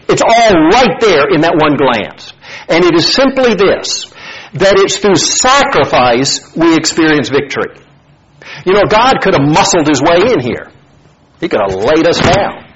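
Male pastor, sermon, animated dramatic delivery, lapel mic, slightly high voice, lo-fi sound. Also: unhurried. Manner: animated, dramatic storytelling with rising emphasis.

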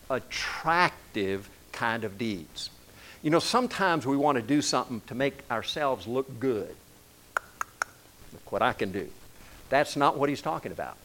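A man's voice: medium pitch, poor audio. A man preaching a sermon as pastor, telling stories in a loose, conversational way with frequent restarts.

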